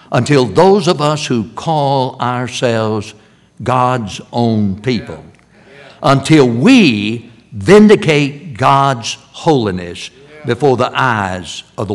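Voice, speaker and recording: An older man preaching a sermon in a church, repeating key phrases and swinging from loud emphasis to hushed lines. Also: mid-range voice. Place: church sanctuary.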